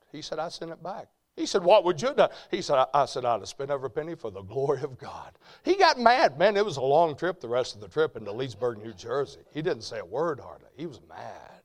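An older man preaching a sermon, telling folksy stories that drop quiet and then rise to loud shouts. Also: mid-range voice, sing-song, brisk. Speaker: preacher and ministry president. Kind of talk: storytelling sermon.

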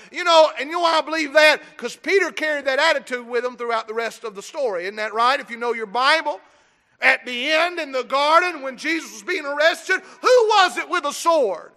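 Male pastor, very high and piercing voice, preaching with shouts and rhetorical questions; long hall reverb. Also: a little fast. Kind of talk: sermon.

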